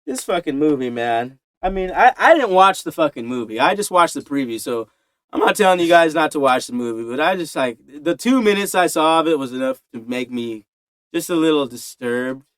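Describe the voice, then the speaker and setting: A man's voice: a little high, expressive, brisk, a bit bright, no echo, clean studio sound. A young man co-hosting a casual podcast, rambling and swearing, often acting out quotes in silly voices. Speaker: podcast co-host. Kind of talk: casual crude chat.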